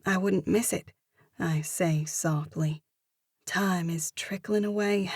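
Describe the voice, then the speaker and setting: A woman narrating a first-person romance audiobook, in a measured, expressive manner. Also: on the low side, dry recording, clean studio sound.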